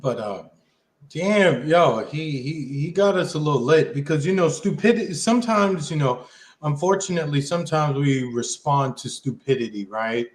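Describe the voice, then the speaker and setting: Man, slightly high voice, casual slang, sarcastic, roomy echo. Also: animated, normal speed. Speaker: political show co-host. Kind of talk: political debate.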